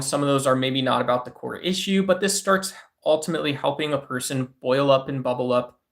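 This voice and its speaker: A man's voice: mid-range voice, gravelly, fairly bright tone. A man streaming and talking to his chat in a loose, rambling way. He uses many filler words and keeps asking "right?". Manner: rambling, with frequent filler words and tag questions. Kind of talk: casual livestream talk to chat.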